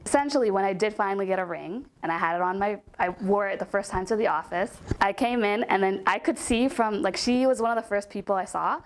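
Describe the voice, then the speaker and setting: A woman's voice: mid-range voice, a little fast, few pauses. Chatty young woman telling a story. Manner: chatty, frequent "like" and "um" fillers. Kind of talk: casual storytime monologue.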